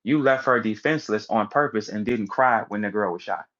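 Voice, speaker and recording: Animated man ranting, dull lo-fi sound. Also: lowish voice, brisk. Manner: animated, emphatic, repeats words, acts out quotes. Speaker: battle rap commentator. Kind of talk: casual ranting commentary.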